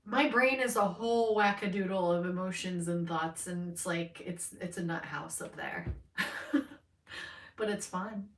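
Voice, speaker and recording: A woman's voice: on the low side, measured pace. Tarot lady chatting on a live stream, rambly and sweary, sounds a bit far from the mic in an echoey room. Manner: rambling, candid, swears freely, laughs often. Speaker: tarot card reader. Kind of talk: live-streamed card reading, casual chat. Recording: roomy sound from a mic at a distance.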